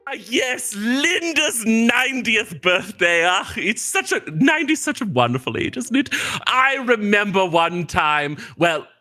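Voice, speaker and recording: A man's voice: high voice, sing-song, measured pace, bright, forceful tone, faint music behind, pitched above the performer's own voice, heavily acted. A man doing a pompous little showman god. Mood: grandiose. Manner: grandiose announcer delivery. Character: theatrical toddler god, showman child.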